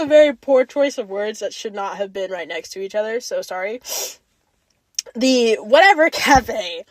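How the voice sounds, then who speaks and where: Young woman podcast host, high and very animated, sassy, casual rant, dry close sound. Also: unhurried, dry recording. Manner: animated, sassy, calls listeners babes.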